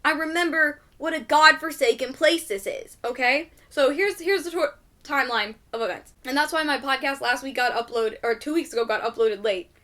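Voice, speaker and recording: A woman's voice: high-pitched, moderate pace, pushed and bright. A young adult woman hosting a podcast in casual chat, ranting animatedly and swearing a lot. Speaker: podcast host.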